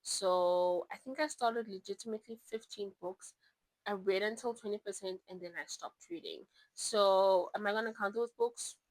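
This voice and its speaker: A woman's voice: medium pitch, normal speed, no room sound, rough recording. A young woman from South Africa talks to the camera in a loose, chatty way, wandering into asides before finding her thread again. Her voice sits in an ordinary middle register and is recorded close and dry, with no room sound around it. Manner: chatty, rambling, animated asides. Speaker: book vlogger. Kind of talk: casual chat.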